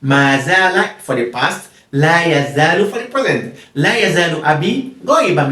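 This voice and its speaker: A man's voice: a little high, lively intonation, normal speed, pushed and bright. A man teaching an Arabic grammar lesson, reading example words, translating them, repeating them and checking whether his listeners understand. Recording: roomy echo, mic at a distance.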